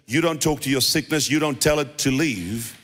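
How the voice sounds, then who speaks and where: A man's voice: medium pitch, moderate pace, a bit bright. A man preaching a sermon as pastor, emphatic and driving points home with repetition. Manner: emphatic preaching with repeated phrases. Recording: long reverb of a large hall.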